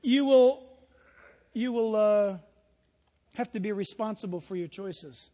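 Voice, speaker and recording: A man with a very high voice preaches to his congregation, swinging from hushed asides to near-shouting. His voice rings with a long hall reverb, as in a church sanctuary. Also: slow pace. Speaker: pastor. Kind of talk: sermon.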